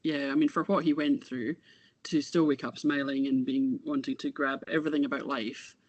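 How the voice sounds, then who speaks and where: A woman, talking about her son as an interview guest, halting and reflective, often trailing off. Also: a bass voice, fairly even intonation, dry recording. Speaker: interview guest, bereaved mother. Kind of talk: casual conversation.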